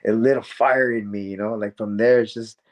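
A man telling stories as a guest in a casual interview, excitable and rambling, full of "man" and "dude". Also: fairly low pitch, a little fast. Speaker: guest, professional wrestler.

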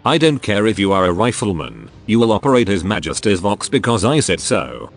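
A man's voice: lowish voice, big pitch swings, a little fast, soft background music. A man's synthetic text-to-speech voice reading the lines of a stern, indignant male commissar in a war story.

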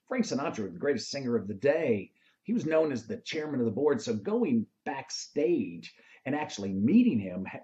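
A male host shares a motivational story with lively rises and falls in his pitch. He slips into the voices of the people in the tale as he goes. The audio sounds dull and slightly lo-fi. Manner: animated storyteller, acts out quoted lines.

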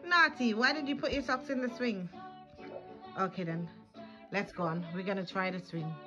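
A woman's voice: medium pitch, normal speed. A woman, the mother, talking to her baby son in a sing-song, playful way with laughs, home-video style. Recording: slightly dull with music behind.

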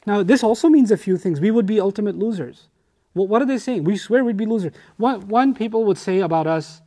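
Male scripture teacher, animated and emphatic, higher-pitched voice. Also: brisk. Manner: animated and emphatic, with frequent restarts. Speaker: Quran teacher. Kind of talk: lecture on scripture.

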